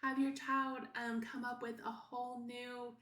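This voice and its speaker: Higher-voiced woman teacher in an echoey room. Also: flat delivery, fairly bright tone. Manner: unhurried, explanatory, with many um fillers. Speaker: preschool teacher. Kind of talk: instructional video for parents.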